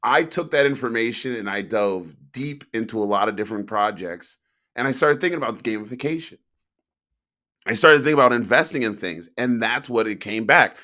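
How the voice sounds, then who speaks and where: A man with a middle-pitched voice, chatting and telling stories in a laid-back, profane way. He co-hosts a casual talk show. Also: fairly bright tone. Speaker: podcast co-host. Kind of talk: casual chat.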